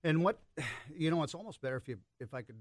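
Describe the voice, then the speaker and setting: Brisk male guest, dry close sound, breaks down how the call works step by step. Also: a little high, lively intonation, dry recording. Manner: explanatory, walks through the sound step by step. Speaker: duck call expert guest. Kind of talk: casual radio talk, explaining a demonstration.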